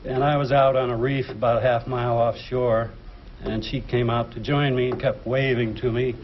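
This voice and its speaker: A man's voice: medium pitch, flat delivery, moderate pace. A man contestant on a game show, telling a story in a dry, teasing way. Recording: dull 1970s TV recording with noise.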